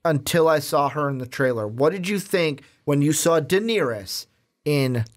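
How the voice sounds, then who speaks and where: A young man co-hosting a casual movie chat, rambling and animated. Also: fairly high pitch, normal speed. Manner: rambling, animated, swears now and then. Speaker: podcast co-host.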